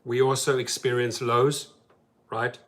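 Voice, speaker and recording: A man hosts a casual livestream as a rideshare driver, talking to viewers from his parked car. He speaks emphatically and with conviction, and at times his voice drops low and soft. His pitch sits in the middle range. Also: unhurried. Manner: animated and emphatic, then soft and subdued. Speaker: rideshare driver and channel host.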